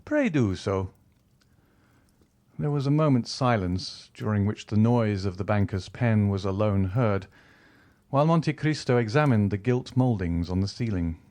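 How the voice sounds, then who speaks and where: In a lowish voice, a man gives a measured, expressive audiobook narration of a classic novel.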